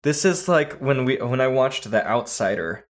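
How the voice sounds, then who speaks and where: A man's voice: mid-range voice, lively intonation, normal speed. Man hosting a casual movie podcast. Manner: talkative, laughs while talking. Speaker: podcast host.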